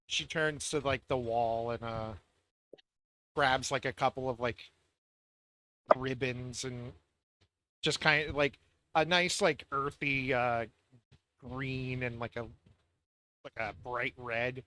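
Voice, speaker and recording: A man's voice: mid-range voice, slow, long pauses, pushed and bright. A man narrating as game master, rambling and full of fillers.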